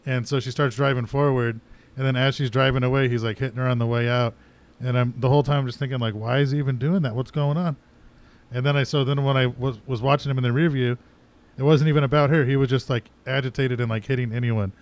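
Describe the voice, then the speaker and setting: A man's voice: medium pitch, steady tone. A man co-hosting a show, telling stories casually and laughing along. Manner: quick, storytelling, laughing along. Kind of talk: casual chat.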